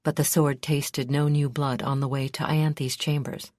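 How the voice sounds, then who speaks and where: A woman reading a fantasy audiobook in a measured, steady storytelling manner. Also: low-pitched, no room sound, studio quality. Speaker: audiobook narrator. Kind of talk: scripted narration.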